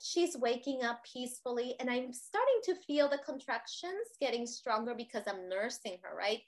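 A woman with a high voice telling a personal story as an interview guest. She is expressive and animated. She keeps checking in with her listener with a quick "right?" and slips into the voices of the people she quotes. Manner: expressive, tags sentences with "right?".

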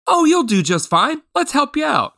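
A man putting on the voice of a kindly old male camper who gently coaches and encourages him, in a grandfatherly tone. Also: very high-pitched, big pitch swings, normal speed, gravelly, pitched above the performer's own voice, exaggerated voice.

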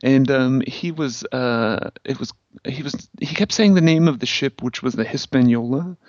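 A man tells a long story with sardonic bite and lots of fillers. The audio is dry and a little dull, as in a podcast. His voice sits at a middling pitch. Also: normal speed, darkish tone, no echo. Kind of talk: casual chat.

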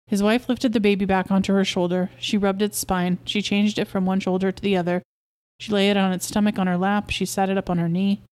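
Woman, podcast host, reading a short story aloud, steady narration, mid pitch. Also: fairly quick, clean tone.

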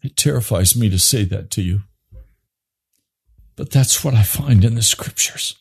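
A man preaching an impassioned sermon, swinging from low grave tones to high urgent pleading. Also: unhurried, creaky, darkish tone, breathy edge.

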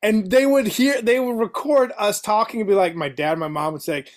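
A man's voice: high voice, brisk. A man in his forties hosting an interview, casual and full of fillers. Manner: casual, filler-heavy, laughs often. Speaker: podcast host.

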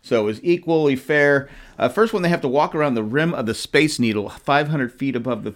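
An older man with a voice of ordinary pitch chats casually as a podcast co-host. He walks through a recap in a relaxed way and slips in dry jokes. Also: fairly quick. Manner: dry, joking asides. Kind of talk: casual chat and episode recap.

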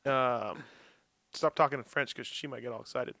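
A man hosting a casual radio talk show, joking and running a quick-fire timed segment. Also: mid-range voice, steady tone, pushed and bright, no room sound. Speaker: podcast host.

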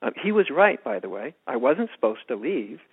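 Soft-spoken man on a phone-like line. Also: mid-range voice, sing-song, breathy edge. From United States. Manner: soft-spoken, halting with many restarts. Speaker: spiritual teacher. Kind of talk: reflective storytelling in interview. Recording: phone-like narrow band.

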